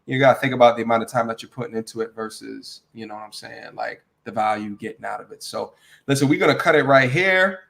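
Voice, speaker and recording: A man hosting a casual livestream chat, talking in slang with an animated, joking manner. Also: medium pitch, quick pace, vocal fry. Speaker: livestream host.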